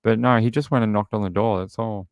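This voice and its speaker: Low gravelly guy. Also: fairly even intonation, fast, no room sound, muffled recording. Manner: rambling, thinks aloud, many restarts. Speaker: true crime livestream host. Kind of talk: casual livestream chat.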